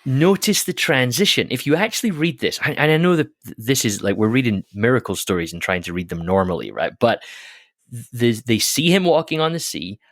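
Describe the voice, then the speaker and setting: A man's voice: medium pitch, very animated, fairly quick, dry recording, studio quality. A man co-hosting a podcast who explains Bible passages in a casual, teacherly way, often restarting his words. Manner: explanatory, repeats words when starting, laughs often. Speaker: podcast co-host.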